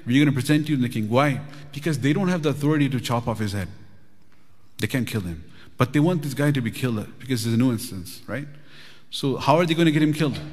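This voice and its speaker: A male religious teacher telling a story in a lively, chatty way in a mosque, often asking the audience "right?". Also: mid-range voice, a little fast. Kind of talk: storytelling lecture. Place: mosque hall. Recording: reverberant mosque hall.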